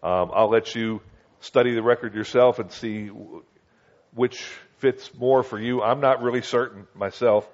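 A man preaching a conversational Bible teaching, often checking in with his listeners and slowing down to read scripture. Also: fairly even intonation. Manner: conversational, asks listeners "Okay?" and "do you understand?"; reads scripture slowly and acts out quoted voices higher. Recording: dull lo-fi recording.

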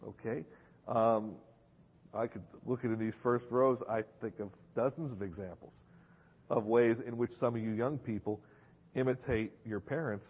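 A man's voice: mid-range voice, husky. A man preaching a sermon to a congregation, emphatic and given to repeating phrases and asking rhetorical questions. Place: church hall with an audience. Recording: dull lo-fi recording in a reverberant hall.

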